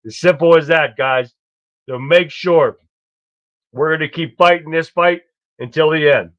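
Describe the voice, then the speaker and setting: Folksy dude on a live stream, talks to viewers by name, dull lo-fi sound. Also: male voice, fairly high pitch, unhurried. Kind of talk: casual political live stream.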